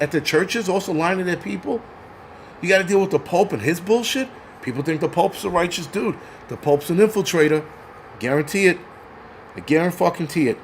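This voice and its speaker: A channel host with a high-sitting voice rants heatedly and profanely on a live stream, often stammering at the start of a sentence before pushing through. There's a little hiss or hum in the recording.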